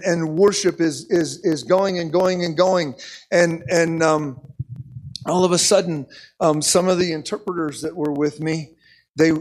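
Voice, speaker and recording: A man's voice: fairly high pitch, darkish tone. A man preaching a sermon, telling a story with lots of repeated words and a frequent "okay?" to the listeners. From United States.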